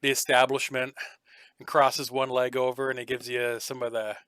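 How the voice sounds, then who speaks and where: A man's voice: medium pitch, level tone, moderate pace, fairly bright tone, smooth, dry recording. A man narrating a tabletop game as game master, hesitant with lots of fillers.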